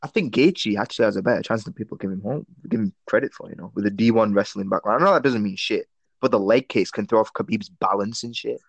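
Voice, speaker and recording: A man's voice: lowish voice, quick pace, vocal fry, husky, no room sound. A man co-hosting a casual podcast, giving blunt, sweary opinions on fighters. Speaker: podcast co-host. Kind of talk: casual chat.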